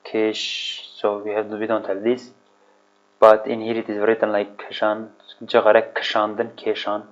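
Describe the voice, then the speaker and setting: Slow, hesitant man teaching vocabulary. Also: lowish voice, monotone. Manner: hesitant, searching for words, repeats himself. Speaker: language teacher. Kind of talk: casual vocabulary lesson, thinking aloud. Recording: dull lo-fi recording.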